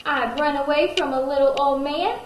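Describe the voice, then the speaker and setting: A woman's voice: high-pitched, animated, moderate pace. A woman voicing a cheeky, boastful little gingerbread boy in a taunting sing-song manner, heard in a roomy echo from a distant mic with faint noise. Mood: excited.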